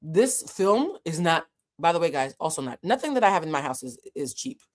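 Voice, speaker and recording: A woman's voice: low-pitched, sing-song, fairly quick. Blunt, profane woman telling a story. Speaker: vlogger. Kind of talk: casual storytelling.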